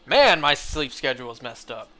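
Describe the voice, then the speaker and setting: A man's voice: mid-range voice, very animated, moderate pace, bright, forceful tone. A man streaming a shiny hunt, chatting casually to his viewers in a rambling way full of "like"s. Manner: rambling, filler-heavy talk with many "like"s. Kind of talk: casual livestream chat while shiny hunting.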